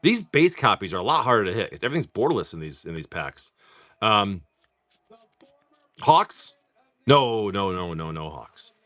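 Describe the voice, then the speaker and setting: Lively, rambling man in his forties. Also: on the low side, moderate pace, long pauses. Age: 40s. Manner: rambling, profane storyteller; frequent throat clearing and filler words. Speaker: live-stream card seller. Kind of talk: casual live-stream chat while opening card packs.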